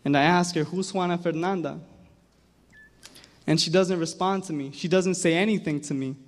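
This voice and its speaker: Earnest young man in a reverberant hall. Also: on the high side. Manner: earnest, emotional, halting repetitions. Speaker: award event speaker. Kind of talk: storytelling speech on stage. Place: large hall. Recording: hall reverb from a big room.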